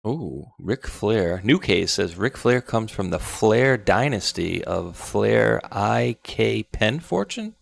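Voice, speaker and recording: A man's voice: on the low side, animated, slow pace, vocal fry, few pauses. A man co-hosting a live talk show, telling long rambling anecdotes in a casual way. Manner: rambling anecdotes with self-interruptions. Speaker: co-host. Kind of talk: casual storytelling chat.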